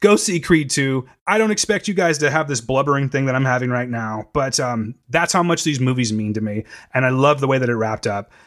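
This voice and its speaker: Man, podcast co-host, tearful, profane, casual movie talk, mid-pitched voice. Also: fairly quick, few pauses, a bit bright. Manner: emotional, choked up, profane. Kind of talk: casual movie review chat.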